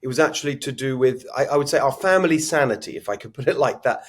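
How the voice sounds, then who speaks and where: A man's voice: mid-range voice, fast. Chatty middle-aged Englishman. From England. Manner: chatty, reflective, with restarts. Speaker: political guest. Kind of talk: conversational interview.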